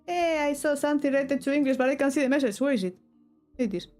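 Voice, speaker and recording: A woman's voice: high-pitched, fast talker, darkish tone, soft background music. A young woman from Spain with a Spanish accent, chatting casually to her stream in English while she draws, rambling and breaking off mid-thought with little giggles. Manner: rambling, self-interrupting, giggly asides.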